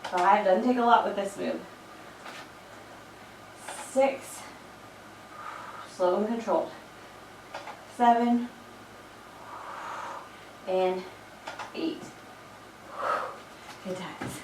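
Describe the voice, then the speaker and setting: A woman's voice: medium pitch, drawn-out words, pauses often, a little mellow, slight background noise. A woman fitness instructor leading a workout, counting reps and chatting between sets, with a slight frog in her throat. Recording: echoey room, mic far off.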